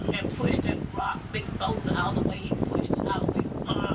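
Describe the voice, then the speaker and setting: A woman telling a folk tale to a live audience at an outdoor festival, lively and talking straight to her listeners. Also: mid-range voice, brisk, few pauses. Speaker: storyteller. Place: outdoor town square festival. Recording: outdoor, mic far off, faint noise.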